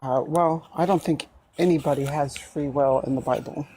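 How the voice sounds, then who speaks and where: A woman's voice: low-pitched, steady tone, moderate pace, dark tone, slight background noise, rough recording. A woman calling into a live show, speaking thoughtfully with hesitant fillers. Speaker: caller. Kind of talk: casual call-in chat.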